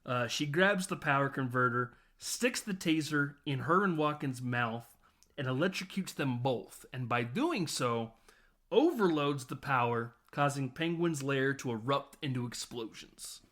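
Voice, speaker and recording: A man's voice: mid-range voice, measured pace. Laughing man animatedly recapping a film. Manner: laughing, profane, animated retelling with quoted lines. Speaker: podcast host.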